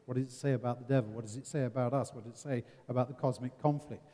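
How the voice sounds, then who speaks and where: Here the English seminar leader, a man from England, races along in a dark, medium-pitched voice with fairly even intonation. Earnest yet wryly humorous, he poses rhetorical questions, recorded in an echoing hall.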